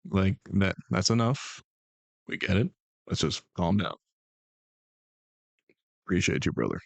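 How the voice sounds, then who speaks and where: A man's voice: low voice, sing-song, unhurried, creaky, dry recording. A man hosting a live stream, chatting casually and playfully bantering with his chat and thanking viewers. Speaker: streamer host.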